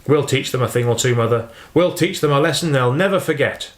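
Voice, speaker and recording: A man voicing a gruff, blustering, patriotic farmer father in an audiobook reading. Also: mid-range voice, a little fast, close to an everyday voice. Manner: loud, blustering, boastful. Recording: roomy echo.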